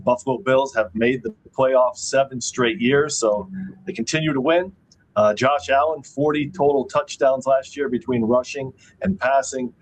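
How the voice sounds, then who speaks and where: A man co-hosting a sports betting show, giving picks in a steady, matter-of-fact way. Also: mid-range voice, moderate pace, rough recording. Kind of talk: casual betting talk.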